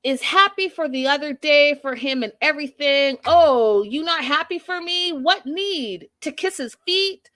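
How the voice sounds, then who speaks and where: A woman voicing a hot-tempered man who shouts in a high, shrill voice and repeats himself. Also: unhurried, hardly any pauses. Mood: furious. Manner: yelling, repetitive.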